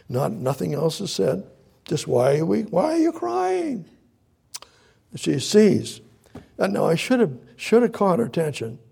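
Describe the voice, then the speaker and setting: A man's voice: on the high side, gravelly, dark tone, slightly rough. A male preacher giving a sermon, retelling scripture dramatically with many repeats and old-style Bible quotes.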